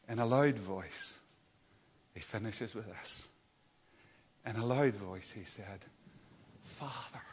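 A husky-voiced man delivers a slow, unhurried sermon. He sinks into near-whispers, then rises into loud, ringing exclamations. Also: lowish voice. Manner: dramatic swings from hushed whispers to loud cries. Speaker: preacher.

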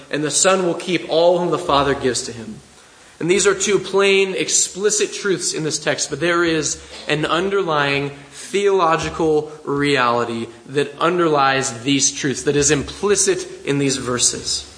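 A man with a somewhat high voice preaches with earnest conviction. He speaks in a measured way and slows down to press his key points home. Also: fairly bright tone, roomy sound, poor audio. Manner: measured, earnest expository preaching with slow emphatic phrases. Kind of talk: sermon.

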